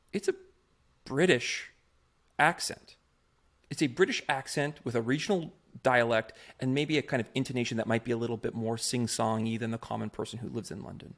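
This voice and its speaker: A man's voice: mid-range voice, vocal fry. A man co-hosting a podcast about improv, talking through an opinion in a casual, emphatic way and restarting his sentences as he thinks. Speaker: podcast co-host, improv performer.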